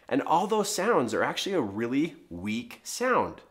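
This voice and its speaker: A man's voice: on the high side, wildly swooping pitch, measured pace, few pauses. A middle-aged man giving an emphatic teaching talk to parents as a parenting coach, driving his points home with rhetorical questions.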